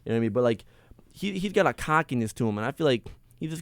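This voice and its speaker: Brief: male sports podcast host, excitable solo rant, mid-pitched voice, dry close sound. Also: racing, no room sound. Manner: excitable and rambling, with many restarts.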